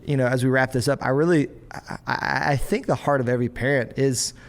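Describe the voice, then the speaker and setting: A young adult man, a pastor, hosts a church podcast in a relaxed, chatty way. An animated storyteller with a mid-range male pitch, he acts out family scenes and slips into quick voices for his kids and his own father.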